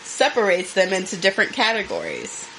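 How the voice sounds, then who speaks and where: A woman's voice: medium pitch, a little fast, a little hiss or hum, poor audio. Blunt, swearing woman podcast co-host. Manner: blunt and profane, animated. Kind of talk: casual chat.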